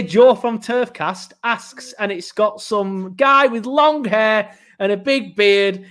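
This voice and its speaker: A man's voice: high-pitched, slow pace. A man hosting a casual football podcast, chatty and jokey, rambling with fillers and restarts. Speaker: podcast host.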